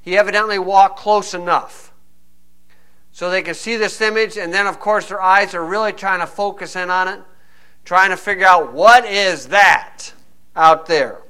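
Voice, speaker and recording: A male preacher with a high, bright voice. He reads old-style scripture and then drops into wry, homespun commentary, keeping the sermon relaxed and conversational. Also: moderate pace, smooth.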